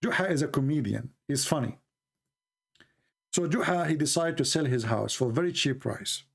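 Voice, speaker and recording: Animated high-voiced man with an Arabic accent. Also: normal speed, creaky, breathy edge. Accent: Middle Eastern Arabic. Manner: animated, mocking, repeats words, laughs at his own points. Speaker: online commentator. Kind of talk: casual opinion talk with storytelling.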